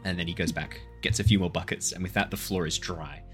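A man's voice: low-pitched, steady tone, fast, a bit bright, soft background music. A man narrating as game master of a tabletop game, chatty, often saying 'like' and laughing.

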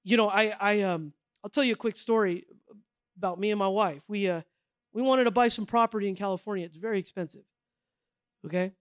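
High-voiced man preaching conversationally. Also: fairly quick, pauses often, no room sound, studio quality. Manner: conversational storytelling with filler words like man and okay; acts out quoted voices with big pitch swings. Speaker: pastor. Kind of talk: sermon.

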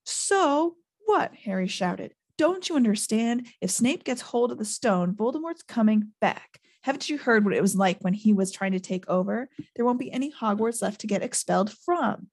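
A woman's voice: mid-range voice, lively intonation, normal speed, hardly any pauses, a little mellow. A woman reading as a determined eleven-year-old boy, urgent and earnest.

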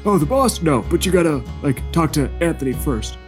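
A man's voice: fairly high pitch, animated, fairly quick, darkish tone, soft background music. A man playing a tabletop game, speaking hesitantly and often restarting his sentences. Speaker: player. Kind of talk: tabletop role-play.

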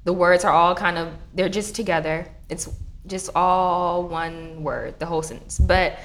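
A woman from Texas co-hosting a podcast, telling stories in a relaxed, slangy way. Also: on the low side, unhurried. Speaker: podcast co-host. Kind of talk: casual chat.

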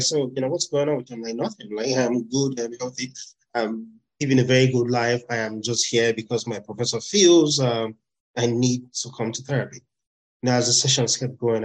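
A man who works as a therapist, speaking as a podcast guest in a casual, reflective way, often pausing with fillers. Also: mid-range voice, poor audio. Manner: reflective, halting with many fillers. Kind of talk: casual interview.

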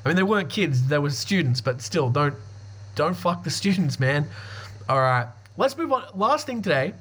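A man's voice: fairly high pitch, expressive, moderate pace, fairly bright tone, husky. Joking, foul-mouthed male podcast host. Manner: profane, joking, laughs often. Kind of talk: casual podcast chat.

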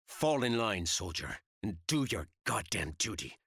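A man's voice: on the low side, sing-song, a little slow, creaky, fairly bright tone, slightly rough, no room sound, studio quality, full character voice. Man doing a harsh, commanding soldier. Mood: contemptuous. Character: hard, contemptuous male soldier.

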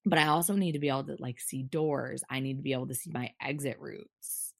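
A young adult woman with a strikingly low, gravelly voice shares a painful personal story as an interview guest. She talks candidly and haltingly, restarting her sentences often. The recording is dry and close. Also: dry recording.

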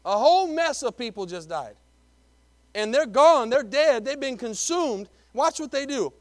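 High-pitched preacher. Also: male voice, animated, unhurried, no room sound. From Texas. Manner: emphatic preaching, repeats words, swings between loud and hushed. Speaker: pastor. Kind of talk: sermon.

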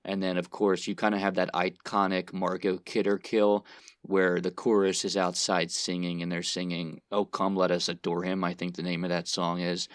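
A man with a deep, low voice talks loosely and at length, filling his thoughts with ums and you-knows. The sound is dry and close, with no room around it. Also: flat delivery, moderate pace, clean tone, dry recording. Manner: rambling, thinking aloud with fillers. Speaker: podcast co-host, movie reviewer. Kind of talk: casual chat.

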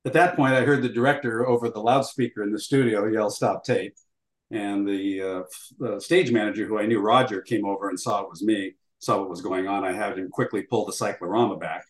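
A man's voice: lowish voice, steady tone, brisk. An older man recounting a story as an interview guest, acting out dialogue as he goes, with frequent fillers. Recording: roomy echo.

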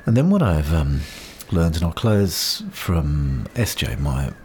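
Very deep-voiced earnest New Zealand man. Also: sing-song, slow pace, darkish tone. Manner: earnest, encouraging, heartfelt. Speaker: podcast host sharing personal experience. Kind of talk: reflective personal monologue. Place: outdoors in wind. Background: faint wind.

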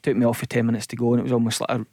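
Former footballer, chatty radio pundit, tells stories loosely, close dry mic. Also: male voice, medium pitch, very fast, no room sound. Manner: relaxed storytelling with fillers. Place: radio studio.

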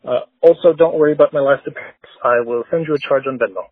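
A man putting on an impression of a famous tech billionaire, leaving a rapid, blustery, defensive voicemail. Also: medium pitch, breathy edge, no room sound, narrow, tinny audio, natural voice. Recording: phone voicemail line.

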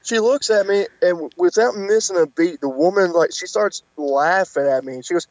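A man tells a rambling road story in a casual, animated way, jumping his voice up to act out the people he quotes. His voice sits a bit high for a man. The recording is dry and slightly dull, like lo-fi podcast audio. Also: normal speed, hardly any pauses, dry recording. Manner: animated, acts out quotes with pitch jumps. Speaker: podcast guest, wrestler.

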